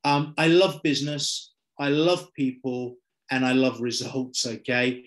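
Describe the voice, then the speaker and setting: A man's voice: mid-range voice, level tone, unhurried. A middle-aged man with a London accent giving an upbeat online sales presentation, checking in with "okay?" and "right?". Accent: London English. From London, England. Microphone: video call.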